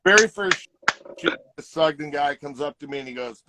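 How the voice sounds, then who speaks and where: At a normal speed and fairly high pitch, a middle-aged ex-hockey player tells laid-back stories in an interview, animatedly voicing the quotes in them. Slight background noise is present, and the audio is poor.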